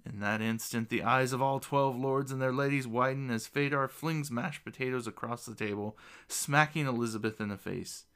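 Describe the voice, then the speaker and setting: A man narrating a fantasy storybook in an expressive, lively reading voice. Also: medium pitch, moderate pace, hardly any pauses, clear, resonant tone.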